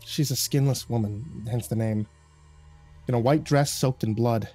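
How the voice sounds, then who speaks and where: A man reading a horror story aloud in a calm, measured storytelling voice. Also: mid-range voice, soft background music. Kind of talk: scripted horror narration.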